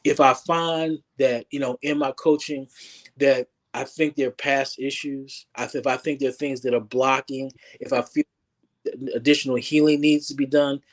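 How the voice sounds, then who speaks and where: A man's voice: mid-range voice, fairly even intonation, moderate pace. A man who works as a relationship coach, speaking earnestly as an interview guest and often repeating words while he thinks. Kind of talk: interview guest, casual talk.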